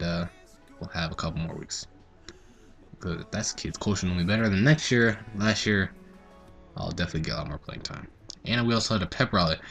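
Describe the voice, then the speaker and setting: A teenage boy hosting his own gaming video, chatting casually and telling animated stories while he plays. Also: fairly low pitch. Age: teens. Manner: rambling, animated storytelling. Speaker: gaming channel host. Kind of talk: casual gameplay commentary.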